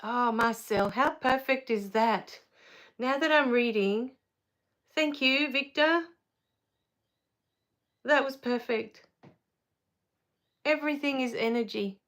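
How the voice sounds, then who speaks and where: Middle-aged female streamer, casual and tearful, slightly high-pitched, reads chat aloud. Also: takes it slowly, long pauses. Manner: chatty and emotional, easily moved to tears; relaxed with frequent fillers. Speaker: live stream host. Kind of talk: casual live stream chat reading viewer comments.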